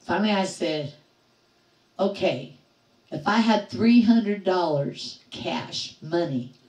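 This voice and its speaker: Middle-aged woman host, chatty livestream storyteller, lively quoted voices, echoey room, mic at a distance. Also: lowish voice, takes it slowly. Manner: animated storyteller acting out quoted voices, laughing often. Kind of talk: casual storytelling to live chat.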